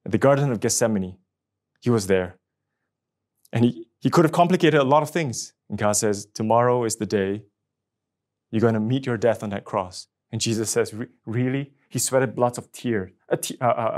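A young adult man preaching a sermon as pastor in a church, acting out biblical figures as he speaks. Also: medium pitch. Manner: acts out biblical figures with rising and falling intensity.

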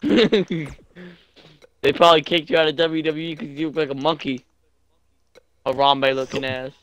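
A young man live-streaming a game, loud and crude, mocking what he watches and laughing often. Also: a little high, steady tone, normal speed, smooth, dry recording. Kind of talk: casual live-stream commentary.

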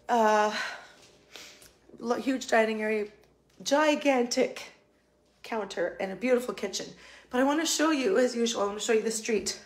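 A woman's voice: on the high side, animated, normal speed, pauses often. A Canadian woman, a real estate agent, walking through a house on a live video and talking in a chatty, upbeat way full of fillers and restarts. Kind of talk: live video home tour.

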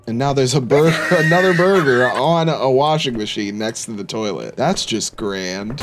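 A man's voice: medium pitch, expressive, measured pace, over music. A man commentating a horror game as he plays, jokey, reacting aloud and laughing often. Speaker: gaming YouTuber.

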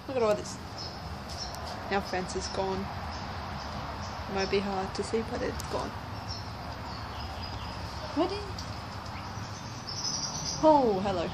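A woman filming a casual vlog, greeting her animals in sing-song baby talk. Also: a little high. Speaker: vlogger greeting her pets. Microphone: handheld camera. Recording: noisy outdoor camera audio.

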